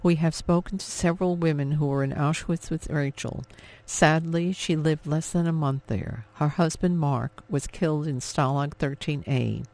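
A man playing a gentle, grave older official. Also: a little high, natural voice. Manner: gentle, measured. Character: older gray-haired man, gentle but firm official.

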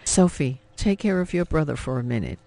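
A man narrating an audiobook, voicing a calm husband and father giving quiet instructions. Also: fairly high pitch, a little fast.

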